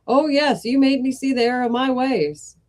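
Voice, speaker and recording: A woman's voice: sits high, normal speed, a little mellow, voice pushed up, close to an everyday voice. A woman voicing a pompous, showy old male miser who talks in a posh, blustering way.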